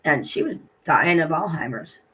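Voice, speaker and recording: A woman's voice: sits low, animated, normal speed, pushed and bright, husky, poor audio. A middle-aged woman vlogger telling a personal story in a rambling, indignant way, with many ums and restarts.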